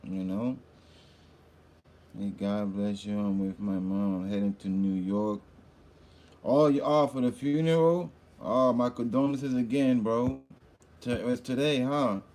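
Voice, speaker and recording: A man's voice: mid-range voice, steady tone, unhurried. Laid-back man hosting a loose livestream. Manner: loud hype greetings to viewers by name, then rambling mumbled asides. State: hungover. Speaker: livestream host. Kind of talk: casual livestream chat.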